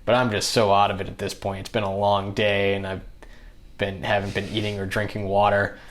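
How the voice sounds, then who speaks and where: A young man, a podcast guest, telling a story in a casual, animated way and acting out what others said. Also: fairly low pitch, brisk. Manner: animated, acts out other people's lines in the telling.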